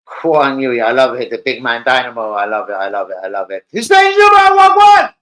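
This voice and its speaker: A young man hosting a casual football live stream, excitable, swearing and calling out viewers by name. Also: medium pitch, a little fast. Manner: excitable, swears, calls out chat names.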